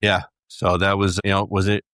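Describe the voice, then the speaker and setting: A man, a retired police sergeant, talking as a podcast guest in a halting, deadpan way, often restarting his sentences. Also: sits low, dry recording. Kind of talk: casual podcast conversation.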